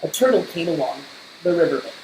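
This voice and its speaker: A woman reads a children's storybook aloud at a slow, measured pace. Her voice sits on the low side. The room is roomy and echoey, with a faint hiss underneath. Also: lively intonation, a little mellow. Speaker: storybook reader. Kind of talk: reading a children's book aloud.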